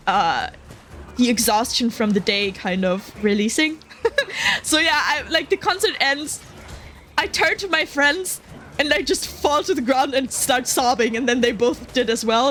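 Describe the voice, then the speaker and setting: High pitched girl streamer rambling and giggling, lots of ums, faint hum in the background. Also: a bit bright. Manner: chatty, giggly, lots of fillers. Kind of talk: casual chat while gaming.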